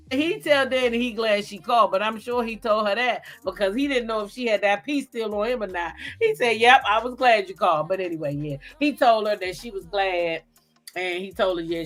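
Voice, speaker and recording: A woman host recapping soap opera episodes in a casual, sassy chat with animated storytelling. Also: medium pitch.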